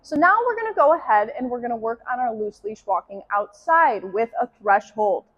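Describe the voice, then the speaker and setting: A young woman dog trainer calmly explaining leash and obedience drills during a demonstration. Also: normal speed, no room sound, muffled recording. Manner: calm explanatory, sharp high commands to the dog. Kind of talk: instructional dog training demo.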